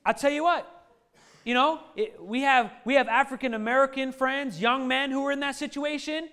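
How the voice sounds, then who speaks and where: A man in his thirties telling a funny family story to a live audience, lively and joking, often laughing at his own lines. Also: very high voice, normal speed, clear, resonant tone. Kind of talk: animated anecdote to a live audience.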